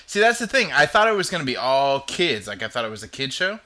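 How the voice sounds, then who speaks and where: Male host, chatty and loose, with a very bright tone. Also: mid-range voice, very animated, quick pace. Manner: chatty, rambling storytelling. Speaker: podcast host. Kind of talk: casual chat.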